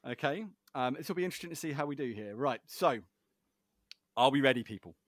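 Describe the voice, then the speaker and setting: A man's voice: mid-range voice, expressive, fast talker, no echo, studio quality. A man hosting a casual podcast quiz, chatty and giggly, rambling with fillers. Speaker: podcast host, quizmaster.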